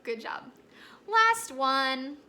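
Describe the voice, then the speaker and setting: A young woman teaching a recorded lesson to kindergartners in a gentle, encouraging storytelling way. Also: high-pitched, sing-song, very slow.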